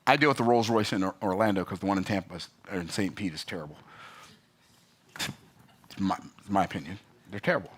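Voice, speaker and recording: A man telling a story and ranting about customer service, emphatic and animated with sudden pitch jumps. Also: a little fast, long pauses, husky. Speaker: business vlogger. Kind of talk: opinionated talking-head rant.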